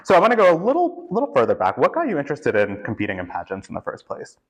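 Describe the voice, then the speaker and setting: A man's voice: on the high side, wildly swooping pitch, rapid-fire. Affirming man hosting an interview. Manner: affirming, frequent mm-hmms and yeahs. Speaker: interviewer host. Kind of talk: casual interview conversation.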